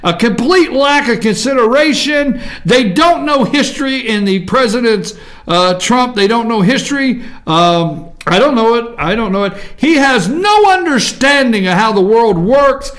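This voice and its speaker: A high-voiced man hosts a political commentary show. He is combative and repetitive, and often slows down to stretch words out in mockery. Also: animated, a bit bright. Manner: combative, repetitive, drawn-out mocking emphasis. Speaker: talk show host.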